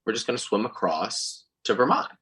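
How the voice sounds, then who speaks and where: Speaking briskly in a mid-range, breathy voice, a young singer appearing as a podcast guest recounts a story in relaxed chat. He's animated and performs the quoted voices of others, though the audio quality is poor.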